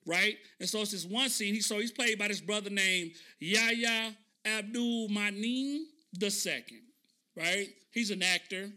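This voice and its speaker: A man hosting a podcast, telling a story in a casual, animated way and often asking listeners "right?". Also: high voice, measured pace. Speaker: podcast host.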